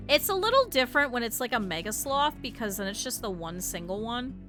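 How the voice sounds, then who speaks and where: A woman's voice: fairly high pitch, very animated, brisk, fairly bright tone, faint music behind. A young woman streaming a video game, chatting casually with her viewers and swearing in exasperated bursts at the game. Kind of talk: casual gameplay commentary.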